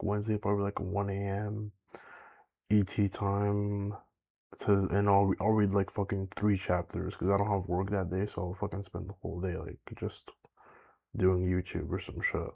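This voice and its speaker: A young man talks loosely to his viewers, piling on filler words and curses as he rambles. His voice sits low and gravelly, with a dark, mellow tone. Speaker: YouTuber. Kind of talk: casual rambling vlog chat.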